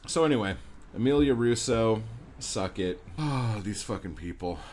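A man's voice: fairly low pitch, expressive, normal speed, a little mellow, a little hiss or hum. A man hosting a podcast, delivering an angry, profane, sarcastic rant. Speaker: podcast host.

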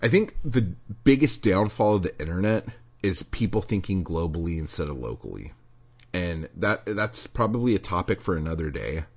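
A middle-aged man hosting a podcast, delivering an angry, profane rant that swings from low muttering to shouting. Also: expressive, moderate pace. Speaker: podcast host. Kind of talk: profane ranting monologue.

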